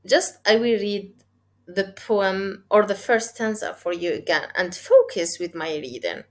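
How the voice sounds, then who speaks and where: A woman teaching poetry, explaining step by step in a deliberate way and checking in with "okay?". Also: medium pitch. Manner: deliberate, counts syllables aloud, frequent "okay?" checks. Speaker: literature teacher. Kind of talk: explaining poem analysis step by step.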